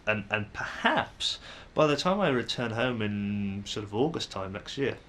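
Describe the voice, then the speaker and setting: A young man with a Manchester accent talks to camera in a casual vlog, his voice sitting fairly low. He thinks aloud as he goes, stopping and restarting with plenty of ums. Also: animated, a little slow, fairly bright tone, a little hiss or hum. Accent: Manchester English. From England. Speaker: vlogger. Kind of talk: casual musing monologue to camera.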